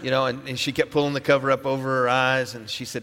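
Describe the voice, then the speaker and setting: A man's voice: mid-range voice, level tone, fairly quick, fairly bright tone, clear, resonant tone. Rambling middle-aged male pastor. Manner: rambling, with many fillers and restarts. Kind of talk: casual sermon opening. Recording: long echo of a large hall.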